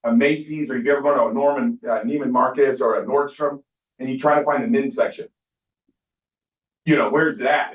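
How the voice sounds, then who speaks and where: A middle-aged man giving a motivational business talk on stage, telling stories and acting out quoted dialogue. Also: medium pitch. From Southern California. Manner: storytelling, acts out quoted dialogue. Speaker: skincare business speaker. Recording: distant, echoey, dull hall recording.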